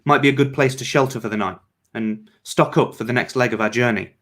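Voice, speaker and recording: A man's voice: medium pitch, fairly quick, a bit bright, close to an everyday voice. A man reading fiction aloud and voicing a young woman survivor who speaks in an urgent tone.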